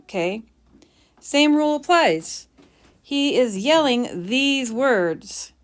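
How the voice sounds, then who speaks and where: Slow-talking woman teaching grammar playfully. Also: sits high, expressive. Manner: playful, with mock bragging asides. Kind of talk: explaining grammar while writing on a board.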